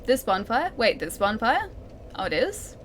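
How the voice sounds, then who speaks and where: A woman's voice: fairly high pitch, very animated, unhurried, fairly bright tone. Young Australian woman, let's play streamer, chatty and giggly, faint hum behind. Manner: chatty, giggly, talks to chat while playing.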